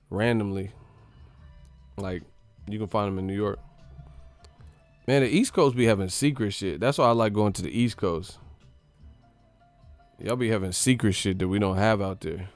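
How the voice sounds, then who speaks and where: Man from California, live stream host, casual profane banter, laughs a lot; dry close sound, soft music behind. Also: on the low side, normal speed, long pauses, no echo. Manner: joking, laughing often, profane, mimics voices.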